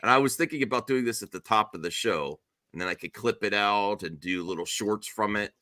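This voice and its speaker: A middle-aged man hosting a casual podcast chat. He tells stories animatedly and slips into high squeals when mimicking others. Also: brisk, pushed and bright, no room sound. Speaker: show host.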